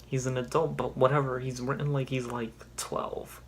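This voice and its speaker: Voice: mid-range voice, flat delivery, moderate pace, a little hiss or hum. A young adult YouTuber reading an embarrassing old story aloud, breaking off with exasperated, sarcastic asides. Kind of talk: mocking read-through with commentary.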